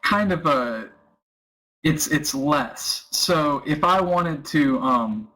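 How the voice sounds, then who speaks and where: An American man with a husky, slightly breathy voice, answering questions at an easy pace. He thinks aloud, fills gaps with ums and walks through everyday examples. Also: on the high side, animated, extremely slow, pushed and bright, low-quality recording. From United States. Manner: thoughtful, many ums, gives everyday examples. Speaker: interviewee explaining American culture. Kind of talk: relaxed interview answers.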